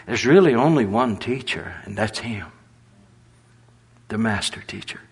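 A man preaching a sermon in a folksy, storytelling way with a husky voice. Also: on the low side, lively intonation, measured pace.

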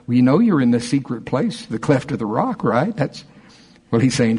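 A man preaching a sermon to his congregation, animated and excitable, slowing down to read scripture with care. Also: mid-range voice, slightly rough. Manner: animated, excitable, breaks into laughter and shouts; reads scripture slowly and deliberately. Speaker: pastor.

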